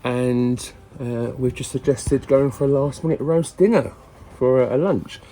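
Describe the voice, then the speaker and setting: Speaking at medium pitch with a dark tone and measured pace, a British man vlogs about living on his narrowboat. His casual chat to camera is cheeky, full of laughter and mild swearing.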